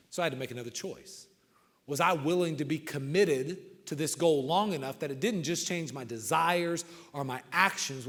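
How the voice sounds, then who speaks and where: Man, motivational speaker, high voice, humorous storytelling, animated, long hall reverb. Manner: animated, keeps asking the crowd "right?".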